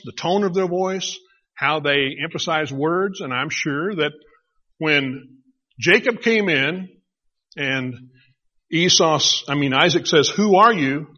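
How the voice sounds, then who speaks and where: A middle-aged male pastor delivers a sermon in a chatty, storytelling manner. His voice is bright and somewhat high with a husky grain. The recording sounds dull and lo-fi. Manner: conversational storytelling, animated retelling.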